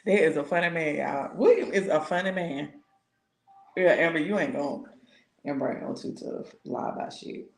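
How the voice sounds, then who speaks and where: A woman's voice: deep voice, moderate pace, vocal fry, echoey room. A woman, a tarot reader, chatting casually with her viewers, telling stories with lots of laughter and slang. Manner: laughs often, animated storytelling, slangy. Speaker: tarot reader and spiritual consultant. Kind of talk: casual livestream chat with viewers.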